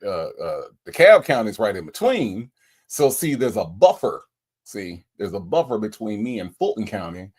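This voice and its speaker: Man, livestream host, low voice, lively swings in pitch, casual chat. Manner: animated, lively, playful with repeated greetings.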